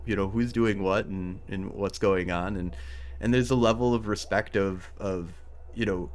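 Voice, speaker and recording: A man hosting a podcast, chatting casually and excitably, laughing and acting out little scenes. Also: on the low side, moderate pace. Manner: excitable, laughs, acts out quotes. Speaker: podcast host. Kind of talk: casual interview chat.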